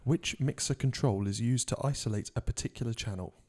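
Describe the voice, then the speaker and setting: A man's voice: mid-range voice, a little fast, a little mellow. Man hosting a jokey podcast quiz. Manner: jokey, laughs often, reads questions out. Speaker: podcast host, quizmaster.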